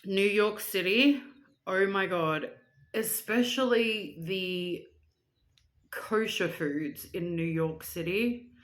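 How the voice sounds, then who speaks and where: A young woman vlogger chatting casually while reading out viewer shoutouts, playful and rambling. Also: mid-range voice, takes it slowly. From Australia. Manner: chatty and playful, with silly asides and rambling tangents.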